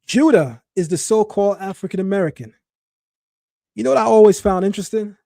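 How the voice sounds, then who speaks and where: A middle-aged man, the son of West Indian parents, hosting a commentary talk to a live chat in an animated, mocking, emphatic way, often restarting his phrases. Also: high voice, brisk, creaky, dry recording, clean studio sound. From child of West Indian parents. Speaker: host.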